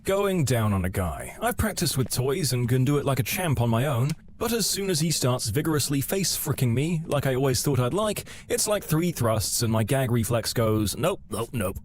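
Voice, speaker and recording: Male narrator for online stories, mid-pitched, lively storytelling, acts out the quotes. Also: normal speed, few pauses, a little hiss or hum.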